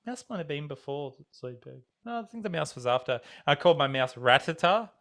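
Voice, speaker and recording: A man's voice: on the high side, a little fast. A man in his thirties with an Australian accent, co-hosting a podcast in casual chat, joking and storytelling with swearing. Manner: joking, animated storytelling with frequent swearing and laughter. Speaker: podcast co-host.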